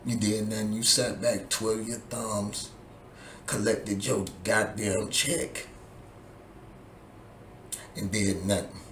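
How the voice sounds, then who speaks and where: A vlogger delivers an angry, profane political rant that keeps circling back to the same points, heated and repetitive. His fairly low voice stays level, slow and full of long pauses, sounding a bit bright. The room is echoey with faint ambience and a little hiss or hum.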